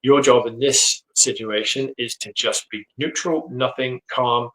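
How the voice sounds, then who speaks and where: A man, a dog trainer, explaining his methods in an earnest, steady way from his home office. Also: mid-range voice, unhurried, rough recording. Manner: earnest, explanatory, lots of agreeing 'yep'. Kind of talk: casual conversation.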